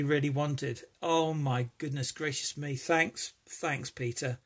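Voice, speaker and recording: A man's voice: a little high, fairly even intonation, slow pace, few pauses, breathy edge. A man chatting enthusiastically as he opens packages for his lockpicking vlog, rambling and thankful. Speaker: lockpicking hobbyist vlogger. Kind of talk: casual unboxing chat.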